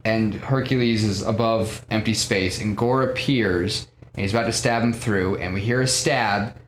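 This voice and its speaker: A man casually pitching a movie story on a podcast, rambling and leaning on fillers. His voice sits fairly low, with a faint hiss of background noise. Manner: rambling, many fillers like "you know".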